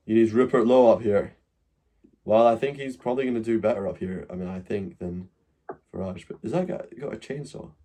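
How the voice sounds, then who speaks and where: A man's voice: on the low side, fairly quick, mellow. A man giving casual, wry commentary on election results from a small cluttered bedroom. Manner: wry, chatty, mocking asides. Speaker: livestream host reacting to election results.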